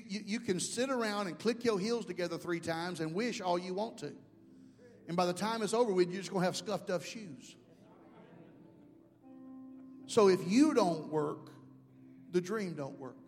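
A man preaching an animated sermon to a congregation, building from conversational talk to loud, rising climaxes. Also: high-pitched, moderate pace, faint music behind. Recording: long hall reverb.

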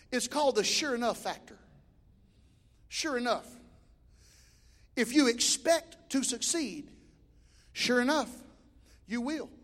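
A middle-aged man preaching a sermon as pastor, swinging between shouted exhortation and quiet, chatty storytelling. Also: extremely high pitch. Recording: long hall reverb.

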